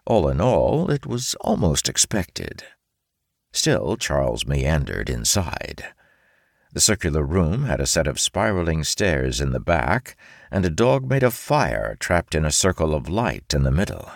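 A man narrating a fantasy audiobook in a steady storytelling manner. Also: rumbling low, measured pace, gravelly, no echo, studio quality.

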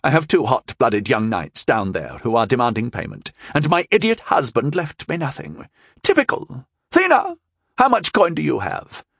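A man's voice: mid-range voice, huge pitch swings, normal speed, creaky, fairly bright tone, slightly rough, no room sound, studio quality, pitched above the performer's own voice, heavily acted. A man voicing a furious, scheming middle-aged noblewoman who shrieks and scolds, in an audiobook reading. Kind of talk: audiobook character voice.

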